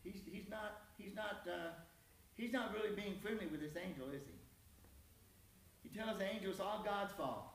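A man's voice: high-pitched, unhurried, a little hiss or hum. A man preaching a conversational sermon in a church, folksy and self-deprecating. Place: church sanctuary. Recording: echoey church hall from far off.

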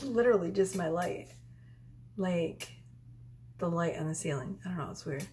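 A woman's voice: fairly low pitch, expressive, normal speed, long pauses, darkish tone, slight background noise. A woman chatting casually to camera in a rambling, hesitant way, full of fillers. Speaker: tarot reader.

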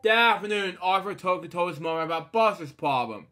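A man's voice: high voice, animated, brisk, sharp tone. A man reading a picture book aloud, stumbling over words, with fillers and side comments between pages. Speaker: storybook reader.

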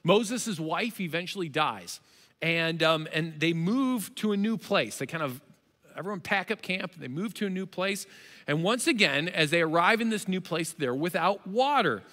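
A man preaching a sermon as pastor, telling the story with lively, animated delivery and acting out its characters. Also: sits high, moderate pace, long reverb tail. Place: church auditorium.

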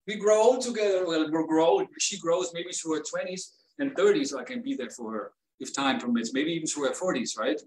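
A man vlogs about his pain in a rambling, emotional personal monologue, rising at times to upset outbursts. His voice is on the high side, animated, and fairly quick. The sound is roomy, recorded from a distance.

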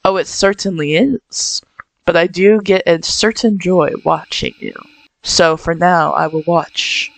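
A woman's voice: lowish voice, unhurried, gravelly, poor audio. A woman voicing a haughty, threatening male talking dolphin in a video game, speaking in formal, smug phrases. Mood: smug menacing.

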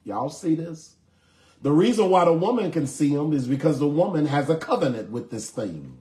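A man preaching a sermon in a conversational way, often turning to his listeners to ask if they follow. His voice sits a bit high for a man, and the room gives it a roomy echo. He moves between reading scripture and plain talk. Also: big pitch swings, moderate pace, dark tone. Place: church in Chicago. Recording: echoey room.

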